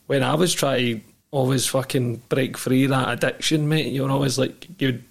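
A man's voice: medium pitch, steady tone, normal speed, gravelly. A man hosting a podcast interview, chatting in a matey, sweary way while asking probing questions. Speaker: podcast host. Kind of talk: casual interview chat.

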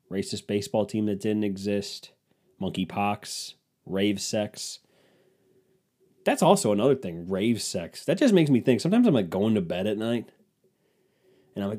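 A man's voice: fairly low pitch, sing-song, normal speed, dark tone. Rambling, crude young comic man. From Cleveland, Ohio. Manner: rambling, self-mocking, crude. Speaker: podcast host. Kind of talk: comedic monologue.

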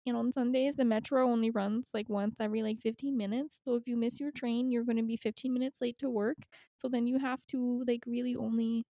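A woman's voice: fairly high pitch, creaky, warm tone, no echo, studio quality. A young woman co-hosting a podcast, chatting casually and rambling with frequent laughs. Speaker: podcast co-host. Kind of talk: casual chat.

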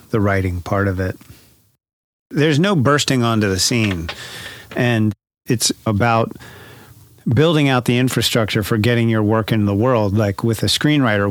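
Low-voiced man musing in casual chat. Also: dry recording, clean studio sound. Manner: thoughtful, rambling, self-correcting. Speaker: podcast co-host.

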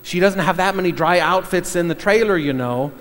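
A man's voice: high voice, a little fast, a bit bright, in a large hall, pitched above the performer's own voice. A man voicing an impatient male film director barking orders on set. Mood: exasperated.

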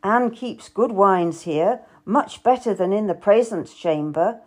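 A woman's voice: mid-range voice, unhurried, darkish tone, husky. A woman voicing an arrogant, charming young male nobleman who coaxes and gives orders. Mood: coaxing. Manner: coaxing, commanding.

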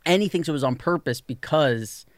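Man telling an animated anecdote. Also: a little high, normal speed, no room sound, clean studio sound. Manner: animated storyteller, lots of "like", acts out quoted people. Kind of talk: casual storytelling chat.

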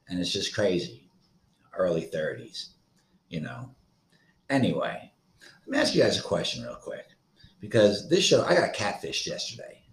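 A man's voice: low-pitched, reverberant. A man in his thirties from Florida, hosting a solo podcast in a profane, rambling, agitated rant. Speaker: podcast host.

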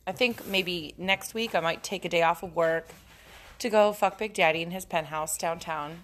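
A woman's voice: fairly low pitch, normal speed, fairly bright tone. A young adult woman hosting a casual solo podcast, talking frankly and profanely and often breaking into giggles. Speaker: podcast host.

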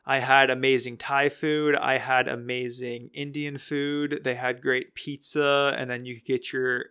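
Young male podcast host, bright and crisp, loose rambling delivery. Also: mid-range voice, unhurried. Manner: relaxed, rambling, self-correcting. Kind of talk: casual solo podcast talk.

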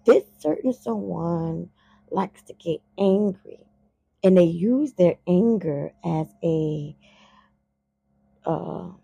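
Her lowish voice has vocal fry and a breathy edge as this podcast host delivers a blunt, casual, cursing monologue, growing heated and lively once she's riled up. The recording is dry.

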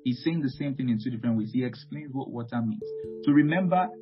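A man's voice: mid-range voice, quick pace. A man preaching a Bible teaching sermon, emphatic and repeating key phrases, often calling out amen. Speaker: pastor. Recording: muffled lo-fi with guitar music.

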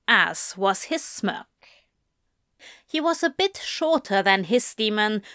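A woman narrating a story at an unhurried, deliberate pace. Her voice sits a little high and stays expressive. The sound is close and dry, with no room at all. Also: no room sound. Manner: slow, measured, expressive. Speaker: reader. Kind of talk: audiobook narration of fan fiction.

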